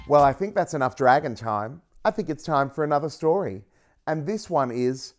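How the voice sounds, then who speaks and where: A man's voice: fairly high pitch, expressive, moderate pace, faint music behind. A man hosting a children's story time, reading picture books aloud in a playful, theatrical way. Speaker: drag story time host.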